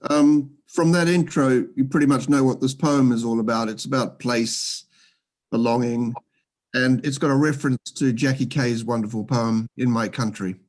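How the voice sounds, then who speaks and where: A man with a New Zealand accent reads his own poem aloud over a video call, in a slow, measured recital. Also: medium pitch, steady tone, a little mellow. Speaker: poet reading his poem. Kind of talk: poetry reading.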